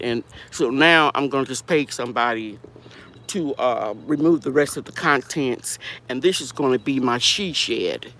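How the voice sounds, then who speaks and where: A middle-aged woman with a bass voice hosts a casual garden tour vlog outdoors, filmed on a handheld phone. A home gardener and channel host, she chats in a rambling way and corrects herself as she goes.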